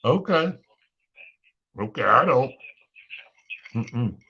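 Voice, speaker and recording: A blunt, sassy male talk host from Chicago rants straight to his listeners, his voice leaping high whenever he is fed up. His tone is bright and forceful throughout. The recording is dull and lo-fi. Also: animated, very slow, husky. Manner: blunt, sassy, swings pitch up when exasperated. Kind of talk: unscripted monologue rant.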